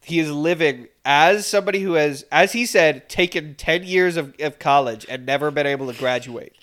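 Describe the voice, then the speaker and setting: A man's voice: on the high side, normal speed, a bit bright. A young man co-hosting a podcast, telling a story in casual chat and mimicking voices in quotes. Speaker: podcast co-host.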